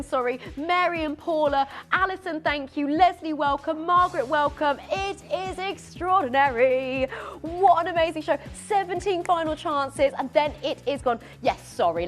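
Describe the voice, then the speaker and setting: A woman presenting live on a shopping channel, excitable and giggly, often tripping over her words. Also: sits high. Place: TV studio.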